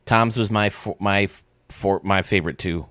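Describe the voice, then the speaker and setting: A man's voice: fairly low pitch, normal speed, fairly bright tone, dry recording. A man hosting a live stream, chatting casually and ranting bluntly, often restarting his sentences.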